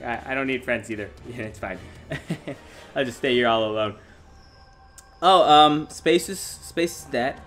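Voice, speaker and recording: A young man giving excitable, self-mocking gameplay commentary as a gaming YouTuber, often laughing at himself. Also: mid-range voice, normal speed, long pauses, faint music behind.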